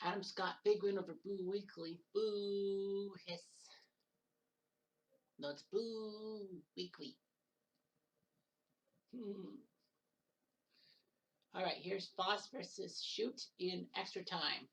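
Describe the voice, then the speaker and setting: A woman's voice: mid-range voice, fairly even intonation, slow pace, far from the mic. A woman giving casual solo commentary on golf results, with joking asides, name corrections and the odd curse word. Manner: joking asides, correcting mixed-up names, occasional swearing. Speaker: commentator of a simulated golf match-play event.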